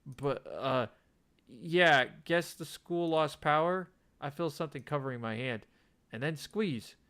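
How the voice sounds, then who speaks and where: A man's voice: on the high side, unhurried, fairly bright tone, clean tone. Casual young man reading a game aloud. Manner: casual, stumbles and rereads lines. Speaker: gamer reading a visual novel aloud. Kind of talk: let's play narration, reading game text.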